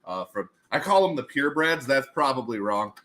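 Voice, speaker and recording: Casting: man, livestream host, lively and bright, rambling jokey chatter. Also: medium pitch, brisk. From United States. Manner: rambling, joking, laughs often. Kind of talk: casual livestream chat.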